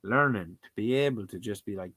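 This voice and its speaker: A man's voice: fairly low pitch, brisk, a bit bright, husky, no echo. A young Irish man hosting a casual livestream, teasing his friends and repeating words in playful sing-song runs. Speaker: livestream host.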